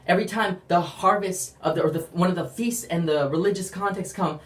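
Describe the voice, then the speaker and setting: In a mid-range voice running a little fast, a speaker rambles through a casual faith testimony, leaning heavily on "like" and performing quotes animatedly. The sound is roomy, with the mic at a distance.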